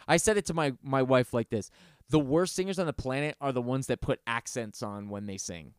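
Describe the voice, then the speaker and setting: A man talking loosely and profanely in casual chat, his voice smooth and resonant. The sound is close and dry, with no room around it. He stumbles over restarts and slips into mocking impressions. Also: fairly quick, no room sound. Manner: profane, rambling, mimics singers in high mocking voices.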